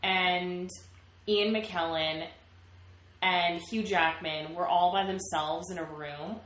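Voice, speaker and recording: A woman's voice: lowish voice, steady tone, slow pace, fairly bright tone. Exasperated ranting woman, echoey room. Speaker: podcast co-host. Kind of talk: casual chat. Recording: echoey room with faint noise.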